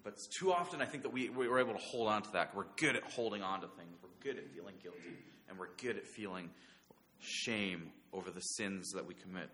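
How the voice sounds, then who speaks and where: A man preaching a sermon, earnest and halting, often restarting his words and dropping softer when he voices God's promises. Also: low voice. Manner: earnest, halting, many restarts, soft paraphrased quotes of God.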